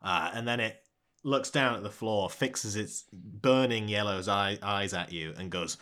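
A man narrating a tabletop game as game master, slow and lively. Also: on the low side.

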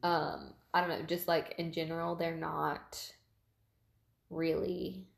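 A woman's voice: deep voice, fairly even intonation, takes it slowly, creaky. A woman in her twenties co-hosting a casual chat, talkative and giggly, often trailing off mid-sentence. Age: 20s. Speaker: podcast co-host. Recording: echoey room.

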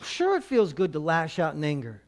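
Man, middle-aged pastor, high-pitched voice, relaxed conversational sermon, humorous asides. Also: normal speed.

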